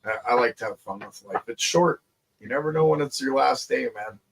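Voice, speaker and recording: Lively, laughing man talking shop. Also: mid-range voice, fairly quick, creaky, breathy edge. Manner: animated and laughing, swears casually. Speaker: inventor and show guest. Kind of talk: casual group video chat.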